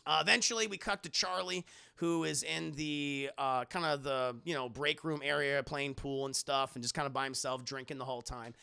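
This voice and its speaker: Gravelly, bright-voiced male streamer. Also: a little high, fairly even intonation, moderate pace. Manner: rambling and profane, many fillers. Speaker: streamer film reviewer. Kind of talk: casual spoiler review to live chat.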